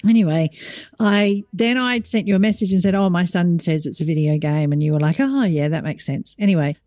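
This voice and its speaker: A middle-aged woman, a podcast co-host telling a story in casual chat, animated and rising in pitch when moved. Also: brisk, dry recording, clean studio sound.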